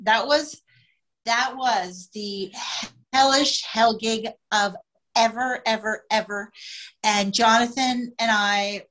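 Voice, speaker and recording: A woman's voice: fairly high pitch, takes it slowly, fairly bright tone, slight background noise, poor audio. A woman, a podcast guest, telling a travel story with lots of expression, often laughing and acting out quotes. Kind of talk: animated storytelling.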